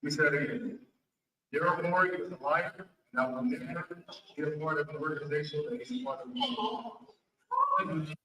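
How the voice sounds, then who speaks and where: A man's voice: a little high, level tone, moderate pace, pauses often, pushed and bright. A man making a blunt, firm statement, heard in a clip played off a phone. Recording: distant clip played off a phone, roomy with crowd.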